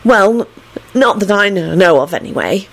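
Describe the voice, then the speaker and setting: A woman's voice: mid-range voice, lively intonation, normal speed, gravelly, rough recording. A woman voicing a nervous, irritable schoolboy wizard who stammers. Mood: fretful.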